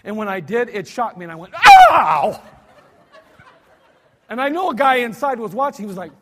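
Male pastor, high-pitched, animated sermon delivery, archived church recording with long reverb. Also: fast talker. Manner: animated, acts out cries and mock cussing, many restarts. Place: church sanctuary.

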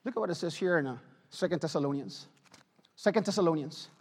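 A male preacher giving an impassioned sermon, repeating his phrases and swinging from hushed tones to loud pleading. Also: a little high, fast talker, slightly rough, big-room sound.

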